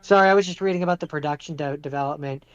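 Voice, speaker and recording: A man co-hosts a casual podcast chat in a smooth, slightly high voice, slowly wearing his voice out as he goes. He talks in a measured, hesitant way with plenty of fillers. The recording is dull and lo-fi. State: losing his voice. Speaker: podcast co-host.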